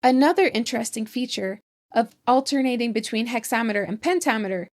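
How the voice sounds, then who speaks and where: A woman hosting a language channel, reading a scripted lesson in a measured, precise way. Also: on the high side. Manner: measured, precise explanatory delivery. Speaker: etymology channel host. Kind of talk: scripted educational narration.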